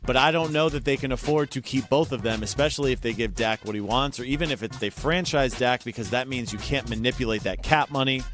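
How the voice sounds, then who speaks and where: A man delivering sports news headlines in a steady, conversational read, then trading remarks with the host. He has a fairly low voice for a man, with faint music underneath. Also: fast talker, hardly any pauses.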